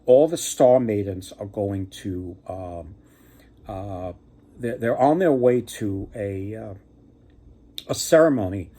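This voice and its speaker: A man's voice: on the low side, slow pace, warm tone. A man voicing a helpful talking male condor in a casual storytelling, matter-of-fact and chatty. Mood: instructive.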